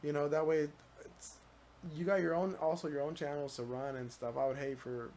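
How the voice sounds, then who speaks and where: A young man as a podcast guest, chatting casually in a halting, rambling way full of "like" and "dude.". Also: a little high, level tone, darkish tone, a little hiss or hum. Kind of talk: casual chat.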